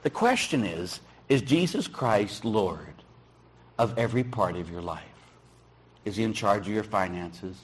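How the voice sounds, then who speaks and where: A middle-aged man, a Catholic priest, giving a folksy, teasing sermon with a husky voice. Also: on the low side, big pitch swings, unhurried, a little hiss or hum. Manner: folksy, teasing, acts out dialogue with shouts. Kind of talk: sermon with storytelling.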